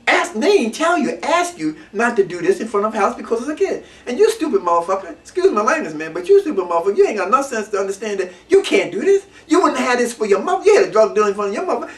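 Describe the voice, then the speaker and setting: Middle-aged man, rapid and animated storyteller, street slang, recorded off-mic in an echoey room. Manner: swings between low muttering and loud emphatic outbursts, street slang. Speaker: interviewee recounting his past. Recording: roomy echo, mic at a distance.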